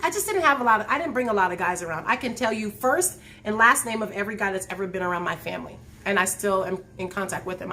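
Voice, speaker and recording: A woman in her forties hosting a live talk show, telling a personal story to her viewers in an animated way and laughing as she goes. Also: medium pitch, slight background noise. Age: 40s. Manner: speaks straight to her viewers. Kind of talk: casual storytelling to a live chat.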